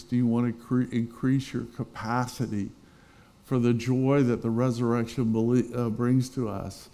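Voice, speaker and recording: A man's voice: medium pitch, dark tone. A middle-aged man preaching a sermon as a pastor, in a conversational, personal way with asides and stories.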